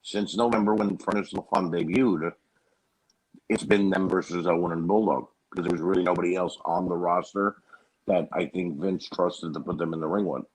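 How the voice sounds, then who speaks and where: A man with a very low voice explains things in a matter-of-fact way during casual chat. He sounds steady and plain. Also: moderate pace, low-quality recording.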